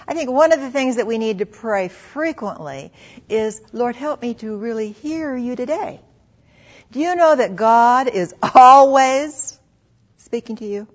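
A middle-aged woman preaching a devotional sermon, earnest and intimate, sometimes dropping to a soft hush. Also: on the high side. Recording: slightly dull lo-fi recording.

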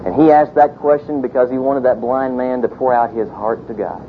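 A man's voice: steady tone, moderate pace. A man preaching a sermon in a casual storytelling way, full of "you know" asides. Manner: conversational, many fillers, storytelling. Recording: tinny phone-like sound with vehicle rumble.

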